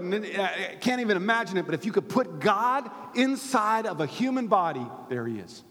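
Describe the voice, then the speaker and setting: High-pitched guy preaching, goes loud then drops to almost a whisper, big hall echo. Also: sing-song, normal speed, few pauses. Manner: dynamic preaching, rising to loud emphatic peaks and dropping to near-whispers. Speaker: pastor. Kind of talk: sermon. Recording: hall reverb.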